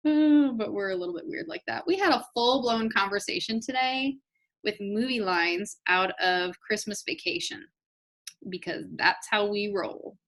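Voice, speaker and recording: A woman's voice: mid-range voice, moderate pace, fairly bright tone. A woman leading a live online business training, chatty, upbeat and encouraging, talking straight to her audience. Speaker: network marketing trainer.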